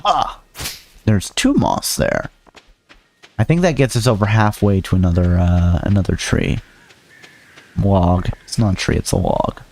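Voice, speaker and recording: A man's voice: low voice, sing-song, unhurried, creaky, darkish tone. A man streaming a farming game, chatting to viewers in a goofy, rambling way with silly sing-song bits. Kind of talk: casual gameplay commentary.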